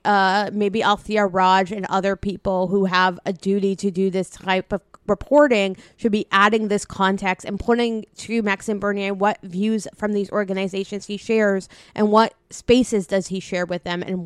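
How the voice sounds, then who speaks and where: Woman, Canadian, podcast co-host, impassioned, restarts a lot, smooth clear voice, dry close sound. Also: medium pitch, steady tone, moderate pace, hardly any pauses, no room sound. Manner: impassioned, many restarts and swearing. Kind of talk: casual political chat.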